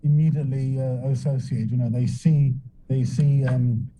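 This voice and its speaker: A man with a British accent, a government director speaking as a guest on a radio talk show, halting and repeating words as he thinks. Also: mid-range voice, steady tone, warm tone, low-quality recording.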